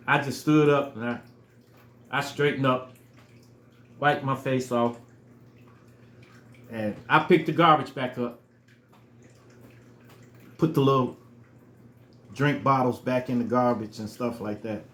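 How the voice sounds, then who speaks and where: A man's voice: mid-range voice, takes it slowly, long pauses, fairly bright tone, echoey room. A man telling a personal story in a casual, earnest way, repeating phrases for emphasis. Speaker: storyteller vlogger.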